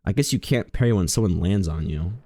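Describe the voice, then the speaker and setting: A man streaming a video game, chatting casually with viewers, swinging between low mumbles and sudden loud, sweary outbursts. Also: lively intonation, brisk, slight background noise. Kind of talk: casual live gaming commentary.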